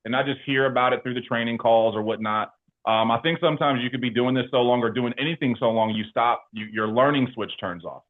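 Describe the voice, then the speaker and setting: A man talking casually as an interview guest about his work, animated and slangy, with lots of fillers. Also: medium pitch, fairly quick. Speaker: insurance agency leader and guest. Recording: tinny phone-like line.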